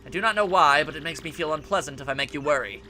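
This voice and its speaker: A man's voice: a little high, quick pace, very noisy, voice pushed down, close to an everyday voice. A man voicing an earnest, polite computer with feelings in a video game playthrough, speaking in a formal, stilted way. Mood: troubled. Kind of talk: let's play voice acting.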